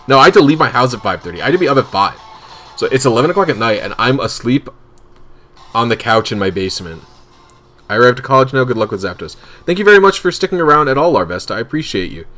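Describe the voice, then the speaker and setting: A man's voice: mid-range voice, fairly bright tone. A man casually telling rambling, laughing anecdotes while streaming a game. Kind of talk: casual storytelling on a live stream.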